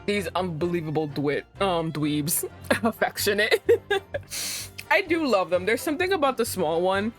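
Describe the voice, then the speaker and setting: A woman's voice: on the low side, animated, unhurried, faint music behind. A young woman streaming a game, chatting casually, swearing freely and laughing often. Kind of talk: casual game let's-play chat.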